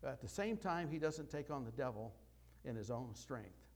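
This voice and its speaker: A man preaching a sermon, with emphatic loud bursts and quieter asides as he walks through scripture. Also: medium pitch, expressive, moderate pace.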